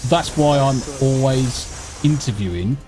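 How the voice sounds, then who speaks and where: A man talking over voice chat during a game stream. He makes his points emphatically, repeats them for weight and swears freely. Game music plays clearly behind him. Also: mid-range voice, lively intonation, a little slow. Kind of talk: casual voice chat while gaming.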